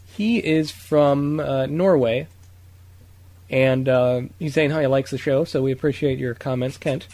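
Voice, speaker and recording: A man hosting a podcast in a relaxed, easygoing way, with frequent fillers and hesitations. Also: medium pitch, a little slow. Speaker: podcast host. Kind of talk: casual podcast chat.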